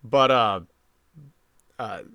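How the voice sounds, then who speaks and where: A man's voice: medium pitch, extremely slow, vocal fry, pushed and bright, clear, resonant tone, dry recording. A man hosting a casual podcast chat, rambling with lots of fillers and restarts. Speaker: podcast host.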